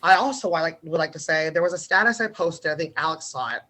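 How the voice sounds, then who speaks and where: In a rough recording, a young man from the United States guests on a podcast, his fairly high, bright voice pushed and fast. Telling casual stories with plenty of energy, he laughs a lot and curses without restraint.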